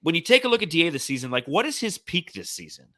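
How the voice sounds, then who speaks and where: Bright-voiced man co-hosting a sports podcast. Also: on the high side, very animated, fast talker, dry recording, studio quality. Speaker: podcast co-host. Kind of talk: casual sports chat.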